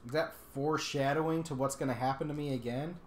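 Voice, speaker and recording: Very low-voiced joking woman. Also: steady tone, quick pace, slight background noise. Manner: joking, teasing, playful. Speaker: let's play co-host. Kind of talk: casual gameplay chat. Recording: roomy echo.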